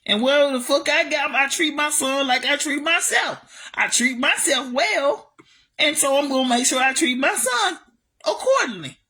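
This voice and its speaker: A woman's voice: high voice, animated, moderate pace, pushed and bright. A woman vlogger telling a family story in a profane, ranting way, repeating herself and calling out to her viewers. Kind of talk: angry storytime rant.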